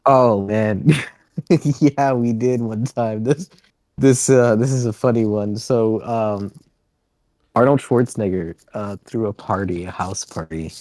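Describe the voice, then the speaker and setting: A man's voice: lowish voice, slow, mellow, dry recording. A man being interviewed on a podcast, telling loose rambling stories and laughing as he goes. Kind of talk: casual storytelling interview.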